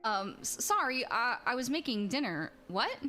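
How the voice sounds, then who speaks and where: A woman's voice: a little high, very animated, moderate pace, sharp tone, soft background music. A woman reading the lines of an uneasy young woman, hesitant and awkward.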